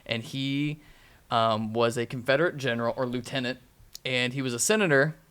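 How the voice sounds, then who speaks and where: Bright-voiced rambling man. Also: medium pitch, moderate pace, smooth. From southern United States. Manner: rambling, filler-heavy storytelling. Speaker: podcast host. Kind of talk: casual chat.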